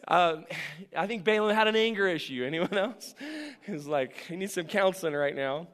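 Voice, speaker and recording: In a church sanctuary with a long reverb tail, a pastor preaches a sermon in a conversational, animated style, often putting questions to the congregation. His voice sits high and his pace is moderate.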